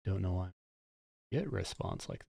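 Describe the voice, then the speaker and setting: A man's voice: deep voice, huge pitch swings, normal speed, vocal fry, mellow, husky, dry recording, clean studio sound. A man live-streaming his coding work, talking casually and thinking aloud with muttered asides. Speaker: streamer and game developer.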